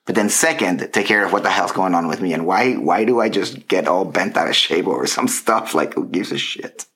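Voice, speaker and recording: A man's voice: deep voice, brisk. A middle-aged man co-hosting a casual chat, ranting and mocking himself. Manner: ranting, self-mocking, animated. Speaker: podcast co-host.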